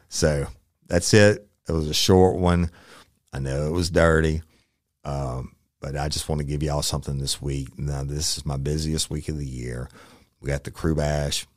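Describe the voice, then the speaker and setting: A man's voice: rumbling low, fairly even intonation, normal speed, no room sound, clean studio sound. A middle-aged man from Louisiana, a former detective hosting a podcast and telling a profane, laughing story. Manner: profane, laughing storyteller who acts out quotes. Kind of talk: casual storytelling.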